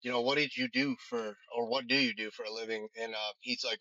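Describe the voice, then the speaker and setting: A man's voice: mid-range voice, flat delivery, brisk, pushed and bright, no echo. A man, a firefighter who runs a vending business, telling his story in a casual interview with many restarts and fillers. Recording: dull, lo-fi sound.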